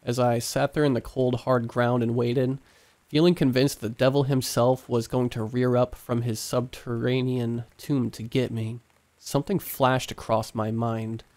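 A man narrating a scripted horror story in a hushed, suspenseful way. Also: mid-range voice, level tone, a little slow.

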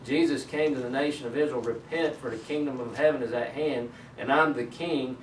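Here a male Bible teacher reads from scripture and explains it in a relaxed, conversational way, his medium-pitched voice fairly quick and fairly even in intonation. Captured from a distance in an echoey room, the audio carries faint ambient noise.

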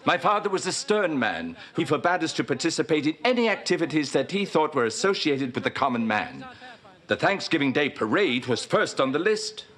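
A man's voice: fairly high pitch, brisk. An actor playing a fussy, stern older male boss with a prim, pompous manner in a sitcom. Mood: stiff. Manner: pompous, prim, squeals when excited. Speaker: wealthy boss. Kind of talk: sitcom acting. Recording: music and laugh track behind.

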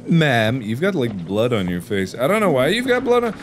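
Excitable man yelling through a horror game. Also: mid-range voice, moderate pace, hardly any pauses. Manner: excitable, loud reactions and swearing. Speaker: gaming host. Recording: game music in background.

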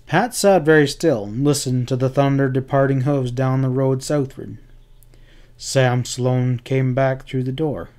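Male audiobook narrator for a western; steady, measured, middle pitch.

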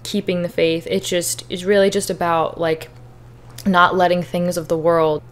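A woman's voice: on the low side, flat delivery, moderate pace. A young woman hosting a podcast, candidly telling her personal faith testimony, emotional and on the verge of tears. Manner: candid, earnest, emotional at times. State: tearful. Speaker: podcast host.

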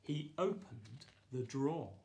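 A man, the author, reading his children's picture book aloud in a playful, lively way with bursts of excited exclamations. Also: mid-range voice, slow pace, vocal fry. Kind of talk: children's storybook read-aloud.

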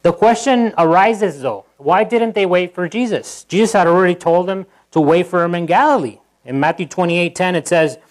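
A pastor giving a sermon in church, talking in a loose conversational way with asides to the congregation and acting out quotes. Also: male voice, high-pitched, normal speed, few pauses, rough recording. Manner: animated, acting out quotes in a livelier voice.

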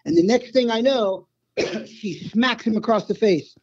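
A man's voice: high voice, unhurried, darkish tone, dry recording, dull audio. A man, a former band road manager, telling rambling tour anecdotes as a guest in a casual conversation. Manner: rambling anecdotes with many restarts.

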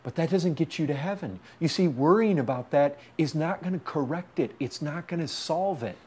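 A man preaching a sermon with impassioned urgency, swinging from loud pleas to hushed intensity, in a repetitive, pleading cadence. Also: fairly high pitch, animated, normal speed, husky.

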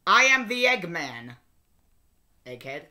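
A sardonic, grumpy old alien time traveller, as a man puts him on, grumbling his way through lines in a slow, unhurried delivery. His voice is bright and edgy, and his pitch swings widely between exasperated asides and mock singing. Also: big pitch swings, heavily acted. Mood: sardonic reading. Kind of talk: comic lyric reading and singing in character.

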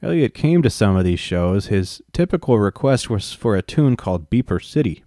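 A man's voice: fairly low pitch, very animated, normal speed, mellow, no room sound, studio quality. A man reading a book aloud and breaking off into wry, profane asides. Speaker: reader and commentator.

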